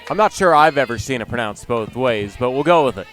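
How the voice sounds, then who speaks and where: A man giving relaxed color commentary on a college softball game, with short analytical remarks. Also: mid-range voice, a little fast, faint music behind. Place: outdoor softball field.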